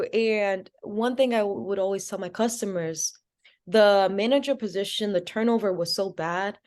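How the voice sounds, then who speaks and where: A woman's voice: mid-range voice, moderate pace. A young woman from Providence, Rhode Island, a podcast guest telling her story with lots of "like" fillers and acted-out dialogue. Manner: animated, acts out quoted dialogue, many "like" fillers. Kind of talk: storytelling in an interview.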